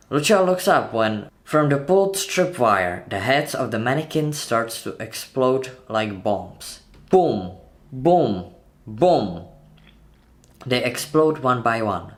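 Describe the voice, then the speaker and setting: Walking through a horror movie one scene at a time, this channel host keeps the narration tense and dramatic while voicing every sound effect himself. His voice is medium in pitch and a bit bright.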